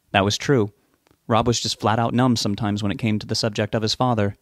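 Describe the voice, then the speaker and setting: A man narrating a novel in a steady, measured reading voice. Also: fairly low pitch, dry recording, studio quality. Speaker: audiobook narrator.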